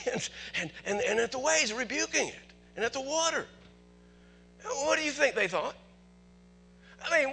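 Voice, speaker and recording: A man preaching a sermon as pastor, animated, asking the congregation questions and chuckling often. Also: high-pitched, breathy edge.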